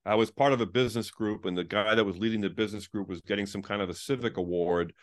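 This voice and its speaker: A man's voice: lowish voice, fairly even intonation, fast talker. A middle-aged man talking as an interview guest, a former pastor, in casual storytelling, saying "like" often and acting out the people he quotes. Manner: chatty, peppered with "like", acts out quoted dialogue.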